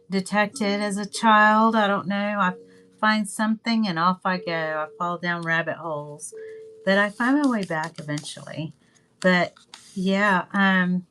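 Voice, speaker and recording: A woman's voice: on the low side, low-quality recording. An older woman from Northwest Florida with a Southern accent, chatting casually and rambling while she crafts on a livestream. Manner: rambling, chatty, trails off with ums. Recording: music playing behind.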